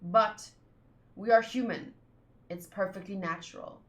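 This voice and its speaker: A woman's voice: mid-range voice, a little slow, echoey room, pitched below the performer's own voice, close to an everyday voice. A woman reading aloud as a grave male ship captain giving a solemn speech.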